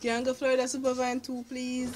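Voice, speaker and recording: A woman's voice: high voice, monotone, fast talker, a little mellow, a little hiss or hum. A woman with a Jamaican accent, brash and teasing in a short comedy sketch. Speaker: comedy vine creator.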